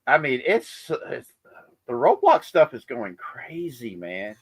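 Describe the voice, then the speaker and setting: A man hosts a casual livestream chat at an ordinary middle pitch. He rambles along with plenty of fillers and small chuckles, and his voice sits dry and close to the mic. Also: wildly swooping pitch, slow, husky, no echo, poor audio. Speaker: livestream host.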